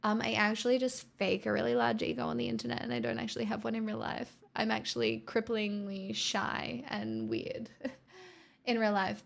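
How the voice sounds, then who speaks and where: A woman's voice: a little high, little pitch movement, moderate pace, vocal fry. Playful woman streamer from the southeastern US. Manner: playful, teasing, reads chat aloud. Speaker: livestream host. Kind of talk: casual chat with viewers.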